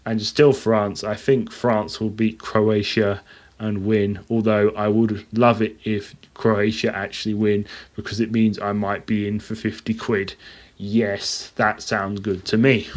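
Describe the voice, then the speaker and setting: A man's voice: on the low side, unhurried. A man hosting a solo podcast, running casually through lists of teams and picks. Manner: casual, listing teams in a steady rundown. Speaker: podcast host. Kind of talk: solo football podcast predictions.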